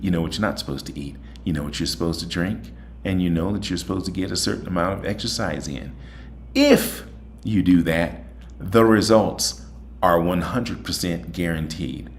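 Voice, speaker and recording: Male host, very low voice, folksy and chatty, a bit tired. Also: a little hiss or hum. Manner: chatty, folksy, repeats "okay?". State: voice a little tired. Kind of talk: casual monologue and phone chat.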